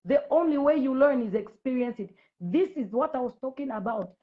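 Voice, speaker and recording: A woman's voice: high-pitched, animated, a little fast, phone-quality sound. A woman from Zambia with school-age children, preaching confrontationally and repetitively to viewers on a live video. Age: adult with school-age children. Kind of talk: livestream address to viewers.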